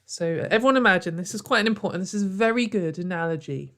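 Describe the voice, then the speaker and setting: A woman's voice: medium pitch, quick pace, a bit bright. Sarcastic woman ranting. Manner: sarcastic, exasperated, laughs often. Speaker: online commentator. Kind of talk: ranting commentary video.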